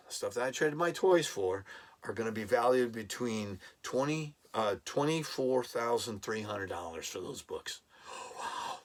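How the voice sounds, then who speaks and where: Middle-aged guy hyped about his comic haul, lots of ums, average pitch. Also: recorded from a distance. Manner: enthusiastic, frequent fillers, exclaims "oh my goodness". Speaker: comic collector vlogger. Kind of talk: excited haul countdown.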